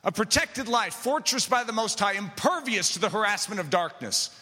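High bright guy preaching hard, shouts then goes quiet, big hall echo. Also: animated, normal speed, slightly rough. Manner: impassioned, swings from quiet asides to shouting. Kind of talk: sermon. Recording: long hall reverb.

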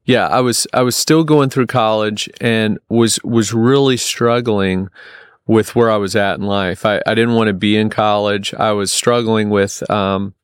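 A man in his thirties telling a personal story as a podcast guest, halting often with restarts and fillers. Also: fairly low pitch, fairly even intonation, smooth, dry recording. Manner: rambling, halting, many restarts and ums.

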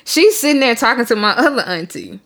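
A woman's voice: fairly high pitch, brisk, a crowd in the background. A woman co-hosting a podcast, telling stories in casual chat, swearing freely and acting out the voices of the people in them. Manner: animated storytelling, acts out voices, swears a lot. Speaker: podcast co-host.

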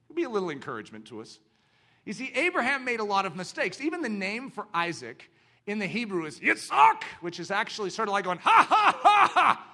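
A man's voice: high-pitched, fast. A man preaching a sermon, asking the congregation rhetorical questions and acting out the voices in the story. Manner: animated, acts out quoted voices, rhetorical questions.

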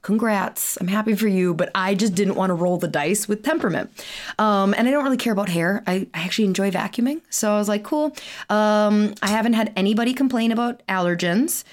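A tired woman hosting her own podcast in a chatty, animated way, laughing often and swearing casually. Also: medium pitch, fairly quick. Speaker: podcast host and chiropractor. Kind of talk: casual solo podcast chat.

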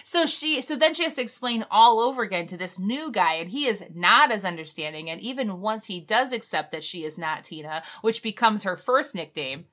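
A woman's voice: medium pitch, expressive, normal speed, hardly any pauses, fairly bright tone. A woman co-hosting a podcast, recapping a book in loose casual chat, rambling and correcting herself as she goes. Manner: rambling, self-correcting, chatty. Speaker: podcast co-host.

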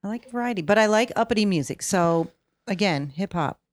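A woman's voice: mid-range voice, animated, brisk, dry recording. A woman chatting on a podcast, upbeat and talkative. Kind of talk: casual chat.

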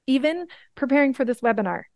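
A woman's voice: high voice, expressive, fast, no room sound. A woman in her thirties teaching a coaching webinar, earnest and encouraging, often checking in with "right?". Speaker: life coach.

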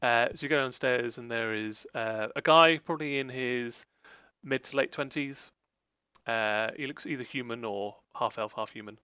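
A man's voice: medium pitch, moderate pace, bright, forceful tone, clean tone, dry recording. A man narrating a tabletop role-play game as game master, rambling with lots of fillers.

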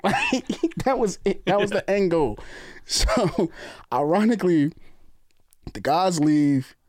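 Animated man telling a story, close and dry. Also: sits high, slow pace, dry recording. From New York area. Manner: animated, acts out other people's lines. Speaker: storyteller guest. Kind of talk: casual storytelling chat.

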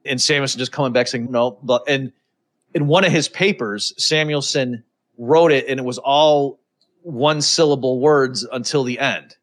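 Rambling, animated male podcast host. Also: medium pitch, moderate pace. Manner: animated, rambling, addresses listeners as folks. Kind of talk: casual chat.

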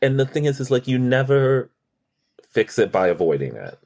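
A man co-hosting a casual podcast, recapping a TV episode in an animated, profane way and acting out characters' lines. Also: mid-range voice, moderate pace, gravelly. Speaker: podcast co-host. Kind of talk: casual chat recapping a TV show.

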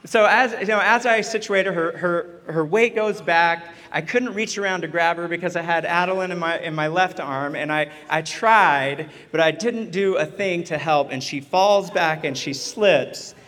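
Bright-voiced man preaching in a hall. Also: fairly high pitch, moderate pace, few pauses. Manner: self-deprecating, chatty storyteller who jokes with the audience. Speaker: chaplain and retreat speaker. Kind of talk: humorous storytelling sermon. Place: church retreat meeting hall. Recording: reverberant hall.

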